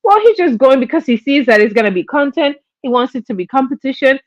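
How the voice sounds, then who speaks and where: Chatty woman on a live stream spilling gossip, kinda high voice, dry sound. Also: fast talker, no echo, highs cut off. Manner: chatty, animated, acts out quotes. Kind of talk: casual gossip commentary.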